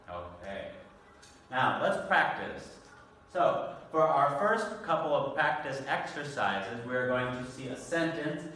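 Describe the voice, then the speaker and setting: A man teaching an online English vocabulary lesson, speaking slowly and patiently with careful pronunciation. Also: mid-range voice, a bit bright, far from the mic, a little hiss or hum. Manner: slow, patient, clearly enunciated teacher talk. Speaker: ESL teacher. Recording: echoey room, voice off-mic.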